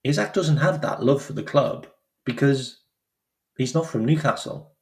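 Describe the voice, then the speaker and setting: A man with a middle-pitched voice gives his opinions in an animated, emphatic rush. He hammers his points home by repeating phrases and often slips into the voices of the people he talks about. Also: moderate pace, creaky. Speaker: football channel host. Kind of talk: casual opinion commentary.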